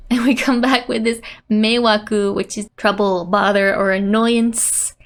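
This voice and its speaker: A woman casually teaching a Japanese lesson, laughing often and acting out quoted lines in animated voices. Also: mid-range voice, normal speed.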